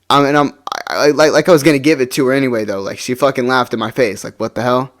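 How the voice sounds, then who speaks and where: Male vlogger, mid-pitched, casual storytime, rambling and restart-heavy, mumbles low when glum. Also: racing. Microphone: face-cam setup.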